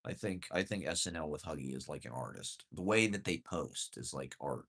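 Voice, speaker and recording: Man, deep voice, sardonic, self-mocking, profane, rambling monologue. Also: animated, fairly quick, fairly bright tone, slightly rough. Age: adult. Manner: sardonic, self-deprecating, profane, chuckling asides.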